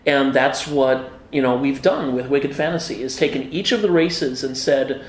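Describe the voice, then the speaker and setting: With hardly any pauses, a middle-aged game designer chats eagerly at a moderate pace in a medium-pitched voice. It's a casual interview in a busy convention hall, where he tells stories with animated enthusiasm and many fillers against echoey, faint ambience.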